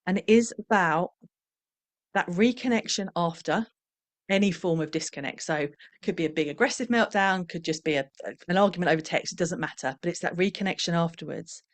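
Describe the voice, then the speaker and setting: A middle-aged woman with a lowish voice talks to fellow professionals about parenting in a candid, reflective way. She briefly acts out the quoted parents and children as she goes. The sound is dry and close, with no room echo. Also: fairly quick. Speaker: parenting trainer. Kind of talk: conversational talk to professionals.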